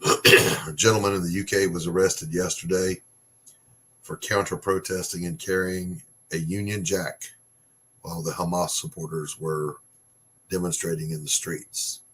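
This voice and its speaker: A low-voiced man holds forth in a blunt, sarcastic rant, with frequent swearing. He keeps the casual talk of a host speaking off the cuff. A faint hiss of noise sits under his voice. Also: little pitch movement, measured pace, fairly bright tone. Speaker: podcast host. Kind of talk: casual opinion monologue.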